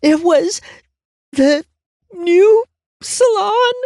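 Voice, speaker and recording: A man's voice: very high-pitched, expressive, slow pace, creaky, darkish tone, no room sound, clean studio sound, voice pushed up, exaggerated voice. A man voicing a distraught woman client who talks breathlessly and whimpers through sobs in an audiobook. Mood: tearful. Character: distraught sobbing woman, client with ruined hair. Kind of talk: audiobook character voice.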